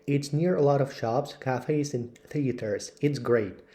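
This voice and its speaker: Man, English teacher, mellow tone, slow careful read-aloud of lesson texts. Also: mid-range voice. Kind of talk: reading textbook passages aloud.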